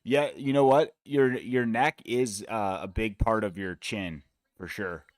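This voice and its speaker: Laid-back swearing streamer, low voice. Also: male voice, steady tone, unhurried, no echo, clean studio sound. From United States. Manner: profane, rambling, laid-back. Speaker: streamer hosting a fight watch-along. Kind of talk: casual chat.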